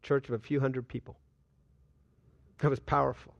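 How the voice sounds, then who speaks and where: An older man preaching a sermon as a pastor, swinging between loud and hushed delivery and acting out quoted dialogue. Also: mid-range voice, level tone, normal speed, vocal fry, no room sound, dull audio. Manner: acts out dialogue with God in quoted voices.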